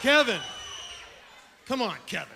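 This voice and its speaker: A man giving a shouted, commanding speech in a wrestling ring, scolding his group. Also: extremely high pitch, big pitch swings, a little slow, vocal fry, a faint crowd, slight background noise. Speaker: wrestler cutting a promo. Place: arena ring.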